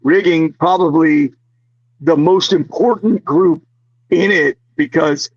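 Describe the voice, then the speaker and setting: A man being interviewed as an actor guest, telling stories in an animated way, laughing often and full of fillers. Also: on the high side, slow pace, husky, dry recording, dull audio. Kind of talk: casual interview storytelling.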